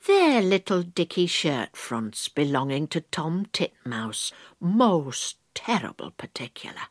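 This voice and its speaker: A woman voicing a small, polite, busy female hedgehog washerwoman in a storybook reading, with bright eager chatter. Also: sits low, very animated, slow, no room sound, clean studio sound, full character voice. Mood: chatty, busy. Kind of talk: storybook read-aloud.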